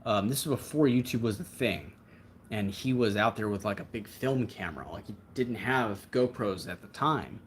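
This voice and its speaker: A man's voice: on the low side, normal speed, slight background noise. A man hosting a livestream, chatting casually in a rambling, reflective way. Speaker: livestream host.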